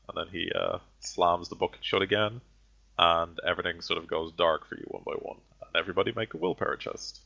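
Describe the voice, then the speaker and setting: A man's voice: deep voice, flat delivery, normal speed, gravelly, fairly bright tone. A man narrating a tabletop game as game master, hesitant with many fillers. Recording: dull lo-fi audio.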